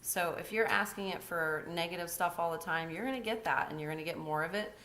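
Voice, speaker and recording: Candid low-voiced woman coach. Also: a little fast, sharp tone, a little hiss or hum. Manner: candid, chatty, breaks into laughs. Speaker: life coach. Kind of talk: personal story vlog.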